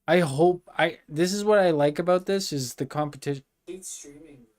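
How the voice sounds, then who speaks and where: A young male streamer with a slightly high voice, cursing and exasperated as he complains out loud. His talk is loose and unscripted, full of slang and profanity. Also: normal speed. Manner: frustrated, swearing a lot, exasperated. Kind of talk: casual live-stream chat.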